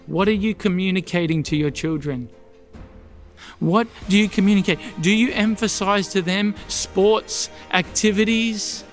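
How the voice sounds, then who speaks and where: A man preaching a sermon in church, earnest, repeating his points and asking the congregation pointed questions. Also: sits high. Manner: earnest, rhetorical questions, emphatic repetition. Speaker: pastor.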